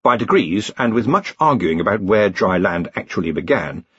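A man reading a novel aloud as an audiobook narrator, telling it in an expressive, dry comic way. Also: fairly low pitch, moderate pace, husky, no room sound, muffled recording. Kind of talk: scripted narration.

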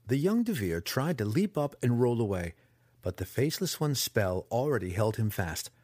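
A man narrating a fantasy audiobook in an expressive, dramatic storytelling style on a close mic. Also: on the low side, no room sound.

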